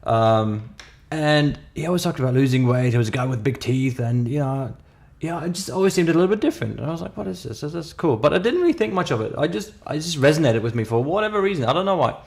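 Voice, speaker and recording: A man's voice: fairly high pitch, lively intonation, fast talker, a little mellow. A man in his thirties with a foreign accent, telling a story in a casual podcast conversation, emphatic with many restarts. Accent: foreign accent in English. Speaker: podcast co-host.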